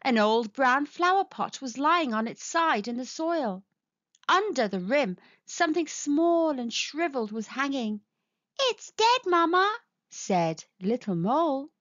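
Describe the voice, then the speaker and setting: A woman narrating a children's storybook in a high, lively, sing-song voice. She reads slowly and expressively, and the sound is dry and dull. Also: no room sound. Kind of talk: children's read-aloud narration.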